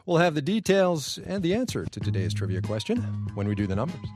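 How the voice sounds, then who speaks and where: A man's voice: on the high side, sing-song, fairly quick, loud music behind the voice. A man hosting a public radio business news program from a studio, talking in a conversational way with wry asides. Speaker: news anchor.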